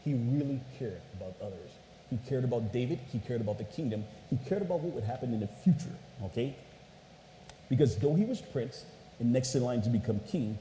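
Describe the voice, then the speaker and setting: A man with a medium-pitched, dark voice preaches a casual sermon full of storytelling. He's playful and conversational, frequently addressing listeners as "you guys," and the recording has an echoey hall sound with faint noise.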